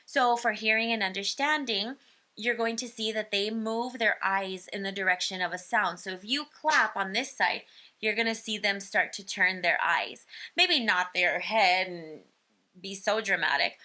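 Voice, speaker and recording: A woman's voice: mid-range voice, pushed and bright. A woman giving an informal parenting lesson on baby speech, explaining in an easygoing way with frequent ums. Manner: explains slowly, many ums, imitates baby sounds. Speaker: speech-language educator.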